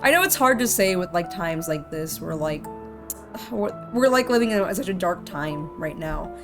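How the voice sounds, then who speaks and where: A woman's voice: fairly low pitch, animated, a little slow. A woman streamer giving casual let's-play commentary, rambling and heartfelt with lots of "like". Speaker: game streamer. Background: faint game music.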